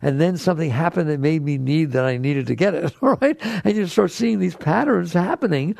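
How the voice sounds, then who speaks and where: A man speaking as a spiritual teacher, his voice deeply gravelly and dark. He talks to an audience in a conversational, emphatic way and returns to the same short phrases. The sound is dry and close. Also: animated, fairly quick, no room sound.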